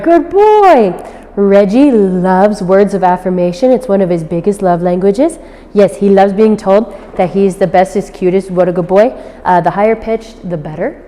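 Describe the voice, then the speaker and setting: A woman's voice: warm tone, long reverb tail. Woman dog trainer explaining outdoors. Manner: explains patiently, then switches to high-pitched praise for the dog. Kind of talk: instructional demonstration.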